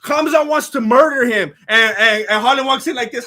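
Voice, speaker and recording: Male streamer, very high and bright voice, animated ranting live fight commentary. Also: moderate pace. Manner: animated, ranting, often shouting; thanks followers by name between rants.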